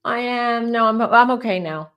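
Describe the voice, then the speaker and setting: A woman's voice: a little high, normal speed, a bit bright. A middle-aged woman doing a live tarot reading, talking in a rambling, chatty and openly emotional way. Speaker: tarot reader.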